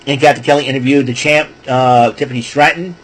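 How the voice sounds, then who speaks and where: Husky-voiced man rambling through a recap. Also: mid-range voice, a little fast, rough recording. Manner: excitable, self-correcting, chatty asides. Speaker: wrestling recap vlogger. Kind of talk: casual rambling show recap.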